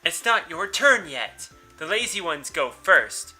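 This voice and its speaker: A man's voice: fairly high pitch, very animated, slow, sharp tone, husky, faint music behind, full character voice. A man reading a brusque teenage girl in a visual novel as she bosses her cats around in a curt, scolding way.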